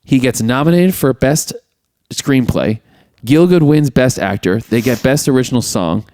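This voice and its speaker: A man's voice: moderate pace, dry recording. A man co-hosts a chatty film podcast and retells a plot scene by scene. His voice sits in a middle register, recorded dry and close. He keeps breaking into exaggerated character voices for the quotes. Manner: animated retelling, acting out quotes in high voices. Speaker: podcast co-host. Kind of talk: casual movie recap chat.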